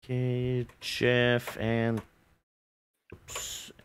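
A man's voice: medium pitch, completely flat delivery, drawn-out words, a little hiss or hum. A man hosting a party-game tournament on stream, chatting casually, laughing often and hamming up the game announcements.

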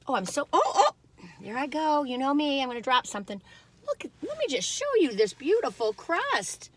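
A chatty, excitable woman, reviewing food from her parked car and talking as she eats. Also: high-pitched, normal speed. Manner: chatty, excitable, folksy, talks while eating.

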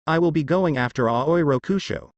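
A man's voice: a little high, normal speed, no room sound, highs cut off, lightly acted. A man voicing an earnest young male ninja clan heir in a plain, matter-of-fact storybook reading.

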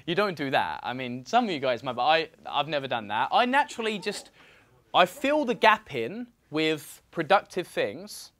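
A man coaching a room full of students at a seminar. His pitch moves around a lot as he talks, and he keeps checking in with "right?" and "you know?" as he goes. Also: moderate pace. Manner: animated, repetitive, fillers like "right?" and "you know". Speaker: real estate mentor. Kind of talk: seminar talk to a group.

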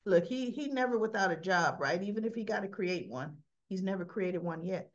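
A woman's voice: medium pitch, moderate pace, muffled recording. A woman in a casual chat, recapping a soap opera episode and retelling scenes by quoting the characters.

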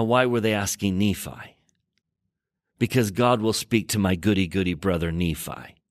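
A scripture teacher and podcast host with a lowish voice reads verses aloud, then rereads them with emphasis on key words while explaining them. The audio is studio quality with no room sound.

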